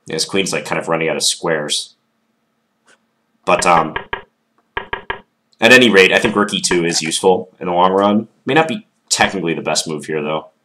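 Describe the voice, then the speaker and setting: Low-voiced stuffed-up man talking through a chess game. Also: normal speed, pauses often, a bit bright, a little hiss or hum. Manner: thinking aloud, hedging with ums. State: stuffed up from a cold. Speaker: chess commentator. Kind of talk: casual game analysis.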